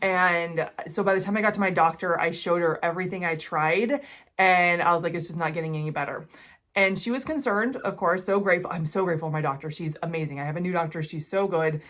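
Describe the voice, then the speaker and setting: A woman in her forties with a slightly low voice shares a personal story straight to camera. She speaks in an earnest, emotional way, often dropping quiet and subdued. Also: a little fast. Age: 40s. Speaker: jewelry-making channel host.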